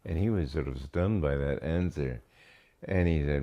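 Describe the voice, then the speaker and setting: This reflective scripture talk comes from an older spiritual teacher whose voice rumbles low. He goes slowly and deliberately, leaving frequent pauses between phrases, and the recording sounds muffled.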